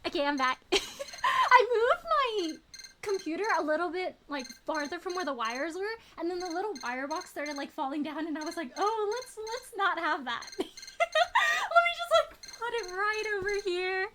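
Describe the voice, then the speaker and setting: A woman's voice: extremely high pitch, sing-song, moderate pace, bright, forceful tone, slight background noise. A young woman streaming a game live, bubbly and giggly, greeting chatters by name. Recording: stream with music behind.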